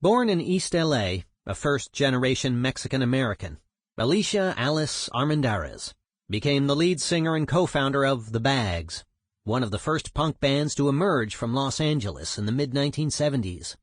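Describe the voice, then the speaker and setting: A man reading an audiobook in measured, clear scripted narration. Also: medium pitch, very animated, no echo, clean studio sound.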